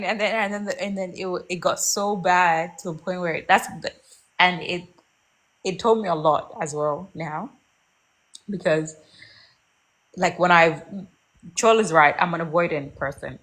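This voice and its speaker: A woman's voice: on the low side, fairly bright tone. Candid rambling young woman storyteller. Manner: rambling, candid, full of fillers and restarts. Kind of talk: casual storytelling chat.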